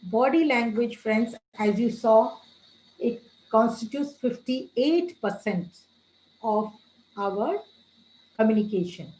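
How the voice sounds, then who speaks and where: Woman trainer, fairly high voice, slows down on the big words, roomy echo. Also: a little mellow. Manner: addresses listeners as friends, gives tips. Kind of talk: online training lecture.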